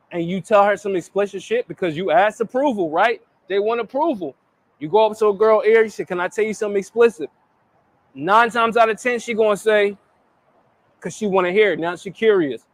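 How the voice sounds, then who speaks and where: Blunt, crude man giving dating advice. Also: high voice. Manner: blunt, crude, swearing freely. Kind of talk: casual advice in a played clip.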